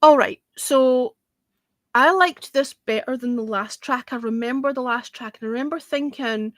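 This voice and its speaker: Woman, fairly high voice, blunt and opinionated, music show host, dry close sound. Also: moderate pace, a bit bright, dry recording. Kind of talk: casual panel chat on livestream.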